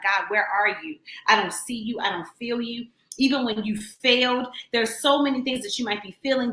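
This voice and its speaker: A woman in her thirties hosts a radio show, speaking with a medium-pitched, bright, forceful voice in an echoey room. Her heartfelt talk about faith is earnest, encouraging and conversational.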